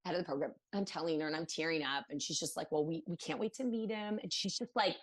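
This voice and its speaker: A woman's voice: mid-range voice, quick pace, hardly any pauses. A woman from Maryland, a podcast guest, telling a personal story in a casual interview, acting out what others said, with many fillers. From Maryland, USA. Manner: animated, acts out quoted voices, many fillers.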